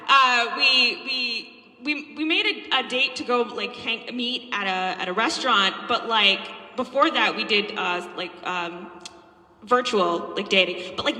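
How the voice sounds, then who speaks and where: Young female stand-up, raw and animated, higher voice, recorded in a reverberant hall. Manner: animated, profane storytelling with frequent laughs. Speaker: stand-up comedian. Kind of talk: stand-up comedy set. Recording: echoey hall with long reverb.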